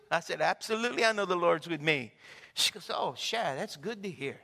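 A preacher telling stories in a sermon, calling out to the congregation and acting out the people in them. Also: male voice, high voice, fairly quick, gravelly. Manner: animated, calls out to the congregation, acts out the people in his stories. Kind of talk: sermon with storytelling. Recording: echoey hall with long reverb.

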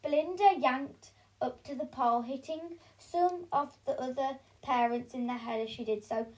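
A woman reading a children's story aloud, animated and adding sound effects, sometimes stumbling over the words. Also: high-pitched, normal speed. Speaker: reader.

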